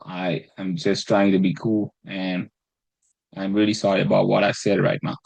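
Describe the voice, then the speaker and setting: A man with a fairly low voice walks through his trades in a loose, rambling way, cursing and putting himself down as he restarts his sentences. The recording is dry and close, with no room sound. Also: level tone, moderate pace, creaky, darkish tone, no echo, poor audio. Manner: rambling and self-deprecating, swears freely, restarts phrases. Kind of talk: casual screen-recorded trading breakdown.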